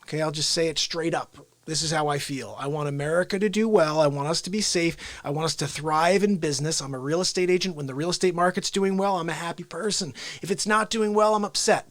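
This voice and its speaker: A middle-aged man hosting a live variety stream, talking in a rambling, animated way. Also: on the high side, fast, hardly any pauses, no room sound. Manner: rambling, animated, slips into voices. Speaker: variety show host, real estate agent.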